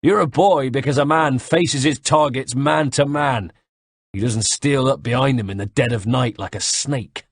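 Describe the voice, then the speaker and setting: A male audiobook reader voicing a gruff, sneering middle-aged soldier-fixer with a West Country accent. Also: mid-range voice, moderate pace, dry recording, studio quality, pitched above the performer's own voice. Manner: sneering, taunting. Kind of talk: audiobook character voice.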